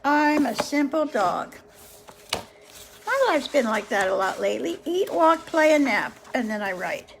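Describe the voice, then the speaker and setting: A woman hosting a session where she reads a book aloud to viewers, pausing often in a gentle, unhurried way to muse on the passages. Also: on the high side, sing-song, vocal fry. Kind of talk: reading aloud with casual reflections.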